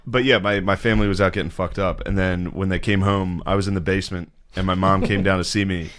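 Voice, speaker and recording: A man in his thirties tells a crude story in relaxed podcast chat. He swears freely and keeps cracking up as he goes. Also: low-pitched, quick pace, a little hiss or hum. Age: 30s. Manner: profane, breaks into laughter mid-story.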